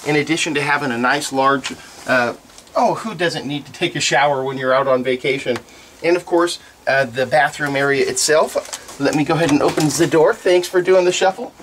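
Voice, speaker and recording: A man's voice: a little high, fairly bright tone, a little hiss or hum. A man giving an upbeat, folksy sales walkaround of a motorhome on a sales lot.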